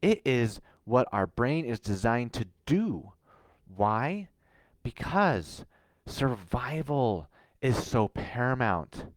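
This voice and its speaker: A man's voice: medium pitch, very animated, slow, no room sound. A man hosting a recorded live stream, coaching listeners in an earnest, reassuring way and acting out his own thoughts. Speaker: host.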